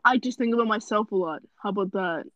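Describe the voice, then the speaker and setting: A woman's voice: mid-range voice, fast, crowd noise. A young woman co-hosting a casual chat podcast, making jokey, dramatic quips. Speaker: co-host.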